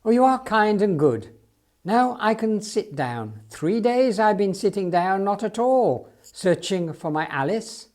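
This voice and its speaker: A man voicing an excitable male circus elephant keeper who gushes in broken English. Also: sits high, measured pace, voice pushed up. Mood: excited. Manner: eager, gushing, broken English.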